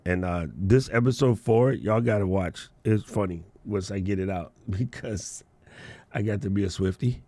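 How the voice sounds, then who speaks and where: Male podcast host, lower voice, slangy and animated, quick to laugh; dry, close sound. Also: dry recording. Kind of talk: casual live-stream storytelling.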